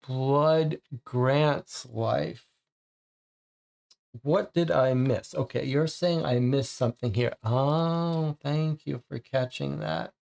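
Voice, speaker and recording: Man, game streamer, casual commentary, thinking aloud, slow, gravelly. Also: fairly high pitch, darkish tone. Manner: unhurried, thinking aloud, reads the game text to viewers. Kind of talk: casual commentary while playing a mystery game.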